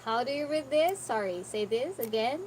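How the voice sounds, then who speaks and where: A woman's voice: a little high, expressive, moderate pace, a little mellow. A woman teaching English live online, patiently coaching a student's reading and correcting it. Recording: noisy background.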